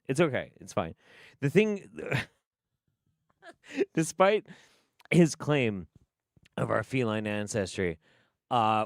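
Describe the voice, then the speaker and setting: This is a man riffing on clips in casual stream commentary. He is sarcastic and swears constantly, and his pitch jumps around in lively swings. His voice sits dry and close on the mic. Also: dry recording. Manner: sarcastic, swears a lot, laughs often.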